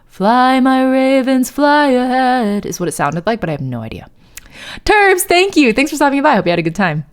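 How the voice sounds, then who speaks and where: A woman's voice: medium pitch, huge pitch swings, quick pace. A woman streamer chatting casually, giggly, thanking viewers and trying out lines of a song. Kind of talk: casual live-stream chat.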